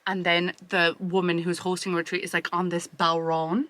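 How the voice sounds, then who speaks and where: Young woman, podcast co-host; bright, lower-pitched voice, dry close sound, chatty storyteller. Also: moderate pace, no room sound. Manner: chatty storyteller, animated retelling. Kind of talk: casual chat.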